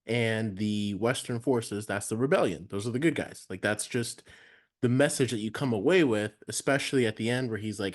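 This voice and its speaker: A man co-hosting a casual film review, talking in a relaxed, rambling way with many fillers. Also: medium pitch, fairly quick. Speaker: podcast co-host.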